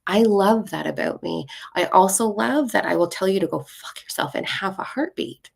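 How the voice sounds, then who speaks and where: A woman's voice: mid-range voice, normal speed, vocal fry. A woman hosting a spiritual live stream, giving casual card readings in a blunt, playful way and swearing freely. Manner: self-mocking and playful.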